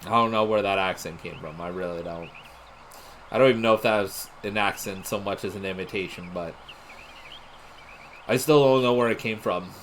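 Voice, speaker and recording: A man's voice: on the low side, moderate pace, long pauses, fairly bright tone, slight background noise. A man casually thinking aloud while commenting on a game he is playing. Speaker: let's play host. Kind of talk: gameplay commentary. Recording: game music playing under the voice.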